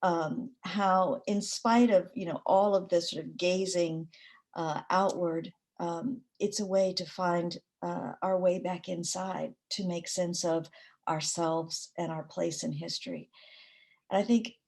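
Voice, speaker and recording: A middle-aged woman speaks slowly and thoughtfully, with many pauses and fillers. Her voice sits low for a woman, and she laughs easily between thoughts. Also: fairly even intonation, darkish tone. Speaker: poet, interview guest. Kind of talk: reflective conversation.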